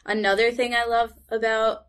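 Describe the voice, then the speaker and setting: A young woman co-hosting a podcast, talking in chatty, animated casual chat with many "like" fillers. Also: fairly high pitch, normal speed. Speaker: podcast co-host.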